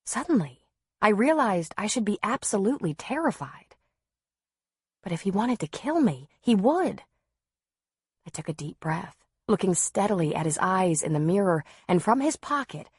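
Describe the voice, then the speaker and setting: A woman narrating a novel in the first person, in a measured, softly expressive way. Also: medium pitch, slightly rough, no echo. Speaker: audiobook narrator.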